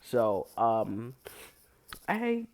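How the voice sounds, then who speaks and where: A young woman with an unusually low voice, telling a blunt, profane story about her cleaning job in a casual vlog. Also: sing-song, very slow, a little mellow. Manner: blunt, profane, heavy use of "like", laughs often. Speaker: restroom and locker room cleaner.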